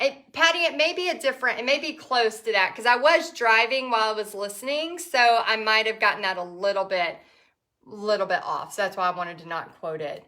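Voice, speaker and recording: A woman's voice: fairly high pitch, moderate pace, bright, forceful tone. A woman, chatting in a rambling, emotional way with many fillers while she paints live for viewers. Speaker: painting instructor hosting a live stream.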